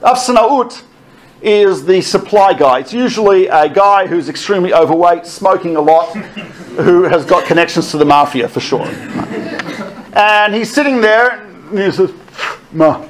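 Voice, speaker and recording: High-pitched guy telling funny army stories, animated, lots of laughing. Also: a little slow. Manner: animated storyteller, laughing often, quoting others. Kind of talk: storytelling talk.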